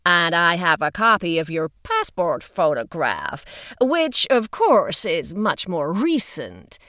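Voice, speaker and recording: Candid female investigator read by a woman narrator, animated and chatty, slightly low voice, dry booth sound. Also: takes it slowly, no room sound, exaggerated voice. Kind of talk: audiobook reading.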